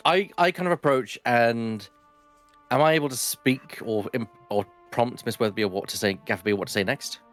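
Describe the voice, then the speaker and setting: A man's voice: medium pitch, fairly quick, faint music behind. A man playing a tabletop game, talking hesitantly with frequent stammers. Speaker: player.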